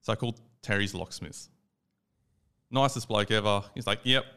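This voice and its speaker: A young Australian man co-hosting a casual podcast chat. He tells an animated story, acts out the quoted lines, and swears casually. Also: lowish voice, moderate pace, clear, resonant tone. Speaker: podcast co-host.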